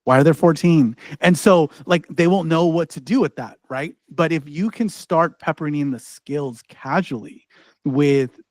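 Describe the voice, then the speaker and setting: A man's voice: on the high side, unhurried, no room sound. A man presenting a live online workshop, talking casually with lots of "like" and "right?" and frequent restarts as he walks through a demo. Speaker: ed-tech trainer presenting a workshop.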